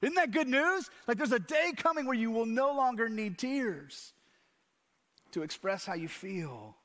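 A male pastor preaching a sermon in a church, lively, with rhetorical questions and asides to the congregation. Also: extremely high pitch, unhurried. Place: church hall.

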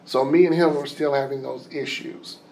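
A man telling a personal story in an animated way, acting out the voices of the people in it. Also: mid-range voice, normal speed, creaky, a little hiss or hum. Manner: animated, acts out quoted voices.

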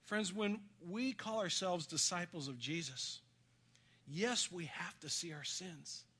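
Bright, high-voiced middle-aged male pastor. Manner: earnest storytelling, drops soft for quoted comfort. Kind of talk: sermon.

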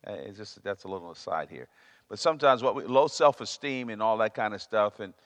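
A man's voice: fairly low pitch, lively intonation, brisk. A man preaching a sermon, emphatic and prone to repeating himself as he searches for words. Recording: long reverb of a large hall.

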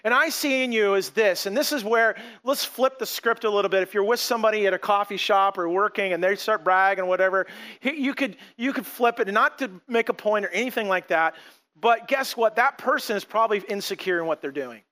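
Casting: middle-aged male pastor, high bright voice, animated conversational sermon. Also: a little fast. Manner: animated, conversational preaching with acted quotes.

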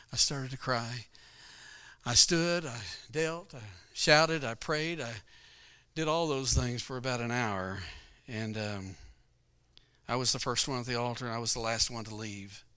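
A man's voice: mid-range voice, bright, forceful tone. A middle-aged male pastor giving a folksy testimony sermon, telling his story with frequent laughs.

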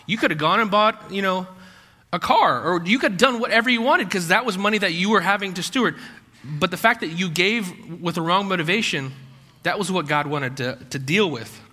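A man's voice: sits high, lively intonation, a little fast, pushed and bright. A man preaching a sermon in a conversational way, full of rhetorical questions and acted-out quotes. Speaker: pastor. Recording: long hall reverb.

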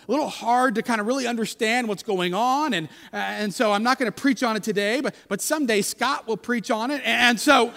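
A man preaching a sermon in a conversational, halting way, with frequent restarts. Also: extremely high pitch, vocal fry, a bit bright, long reverb tail. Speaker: pastor. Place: church.

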